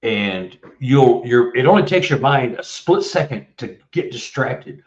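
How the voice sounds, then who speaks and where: A man in his seventies from Texas, appearing as a guest author, tells a long, rambling story in an interview with frequent restarts. He speaks a little slowly in a mid-range voice with lively intonation, and the mic is distant, muffled and roomy.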